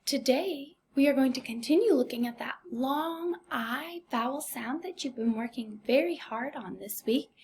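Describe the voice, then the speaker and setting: Speaking slowly and with care, a woman encourages her pupils through a recorded phonics lesson for first graders. Her voice is high-pitched and a little mellow, with a slight hiss or hum in the recording.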